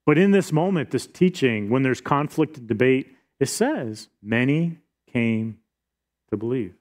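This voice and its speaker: Middle-aged male pastor, mid-pitched, earnest expository preacher. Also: lively intonation, a little slow, a little mellow. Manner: earnest expository preaching, reading scripture aloud. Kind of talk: sermon.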